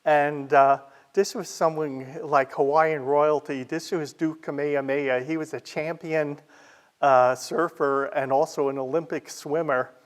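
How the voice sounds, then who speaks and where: A man presenting a library history talk in a chatty, informal way, often pausing on "uh" and adding side remarks. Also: a little high, fairly even intonation. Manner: chatty, with frequent "uh" fillers and asides.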